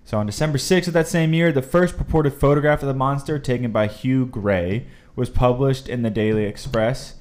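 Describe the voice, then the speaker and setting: Young man co-host reading facts, measured and easygoing, middle pitch. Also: fairly even intonation, darkish tone. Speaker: podcast co-host. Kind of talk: casual chat, reading facts aloud.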